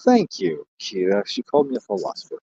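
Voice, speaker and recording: Gravelly, animated male streamer. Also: fairly low pitch, a little fast, dry recording, dull audio. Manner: joking, rambling, reads out viewer comments. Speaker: livestream host. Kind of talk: casual chat with viewers.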